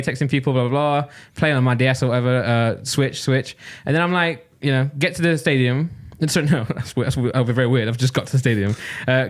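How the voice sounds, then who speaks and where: A man from Nottingham with a Midlands accent, co-hosting a casual podcast and telling an exasperated, animated story. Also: mid-range voice. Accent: English Midlands. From Nottingham, England. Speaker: podcast co-host.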